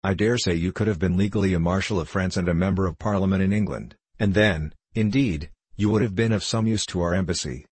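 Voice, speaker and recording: A man's voice: low-pitched, fairly quick, hardly any pauses, a little mellow, breathy edge, no room sound. A man reading the part of a mocking, condescending middle-aged diplomat, speaking sharply and cynically. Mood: sneering.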